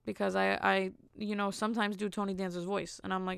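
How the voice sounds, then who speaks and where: A woman's voice: medium pitch, little pitch movement, brisk, vocal fry, smooth, dry recording, studio quality. A woman hosting her own podcast, telling stories in a blunt, candid way with incredulous asides. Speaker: podcast host. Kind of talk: casual solo podcast monologue.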